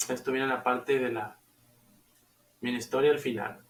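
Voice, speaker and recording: A man teaching an English lesson, repeating phrases slowly for his students to drill and stopping to explain pronunciation. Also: medium pitch, steady tone. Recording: echoey room, far from the mic.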